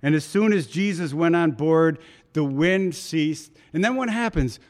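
A man's voice: on the high side, expressive, measured pace. Conversational man preaching a sermon. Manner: conversational, dramatic quoting of voices.

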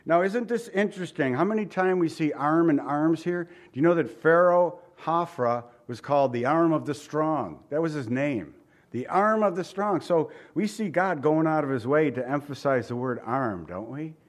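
A man preaching a sermon in a conversational way, asking the congregation rhetorical questions and reading scripture aloud slowly and with emphasis. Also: a little high, expressive. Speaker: pastor.

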